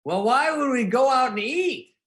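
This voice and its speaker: A man doing an impression of a comedian friend: lonely, flat and plaintive, asking odd questions. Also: very high-pitched, moderate pace, pitched above the performer's own voice.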